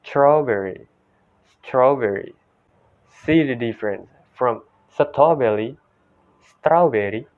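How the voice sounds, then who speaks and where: A young man with an Indonesian accent giving a classroom presentation, repeating example words several times. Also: medium pitch. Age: young adult. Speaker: student presenter. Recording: tinny phone-like sound.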